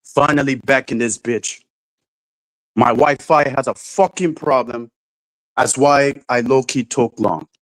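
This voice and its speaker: An irritated livestream host chats casually, swearing constantly and ranting in fits and restarts, raising his voice when angry. His medium-pitched voice keeps a measured pace, and the audio is poor, with no echo.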